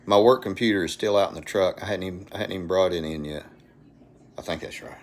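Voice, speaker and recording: A man's voice: deep voice, fast. A middle-aged man with an Alabama accent, rambling in a folksy way as he hosts a casual live stream from his phone at home. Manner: folksy, rambling, talks to viewers by name. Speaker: livestream host.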